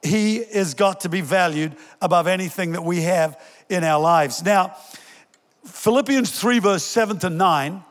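An older male pastor with a high-pitched voice preaches at a measured pace in a church hall, keeping things conversational with jokes for the congregation and stories. A long reverb tail trails his words.

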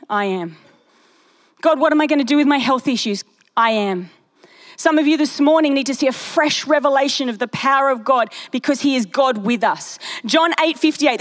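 High-voiced woman preaching. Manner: chatty, storytelling, animated asides. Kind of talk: sermon.

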